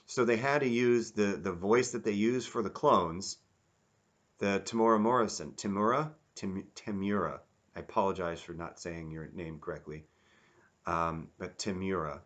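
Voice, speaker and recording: A man giving a rambling, casual review, animated and acting out quotes in mock voices. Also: fairly low pitch. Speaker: YouTube reviewer.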